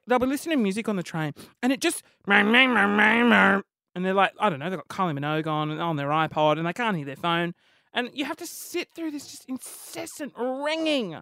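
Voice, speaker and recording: Male podcast host, 30s; high, very expressive voice, exasperated comic rants, dry close sound. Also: dry recording. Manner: animated, exasperated ranting with swearing and playful impressions. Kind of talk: comedic podcast monologue.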